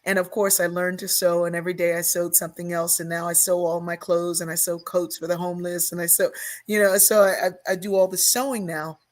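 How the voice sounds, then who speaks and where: Lower-voiced woman telling a personal story. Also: little pitch movement, brisk. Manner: warm storyteller, acts out remembered voices. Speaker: guest, sociologist and author. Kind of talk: storytelling interview talk.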